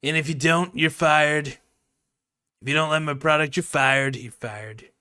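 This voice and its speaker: A man putting on a comic impression of a boastful older male politician who praises himself loudly and repeats superlatives. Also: on the high side, steady tone, measured pace, smooth. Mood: bragging. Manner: loud, bragging, repeats superlatives. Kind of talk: comic impression during a live stream.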